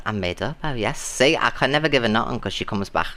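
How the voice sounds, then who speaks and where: A British man live streaming, chatting casually and thanking viewers, often shrieking with excitement. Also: medium pitch, fast, hardly any pauses. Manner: animated, shrieking with delight at gifts.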